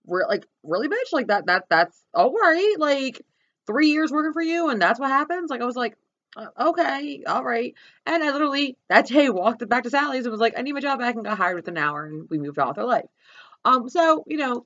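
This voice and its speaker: A woman's voice: medium pitch, no echo, dull audio. A woman from South Jersey ranting profanely and bluntly in a vlog, talking from her car. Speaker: vlogger. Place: car with dogs.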